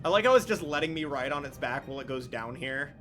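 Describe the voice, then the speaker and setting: A man's voice: medium pitch, expressive, fast, a bit bright, faint music behind. A man giving casual, joking commentary while streaming a game, laughing often.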